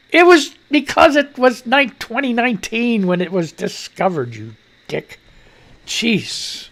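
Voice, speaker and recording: A man's voice: very high-pitched, expressive, slow, long pauses, fairly bright tone. A man hosting a radio show, reading news items and breaking off into crude, mocking asides. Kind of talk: casual news commentary.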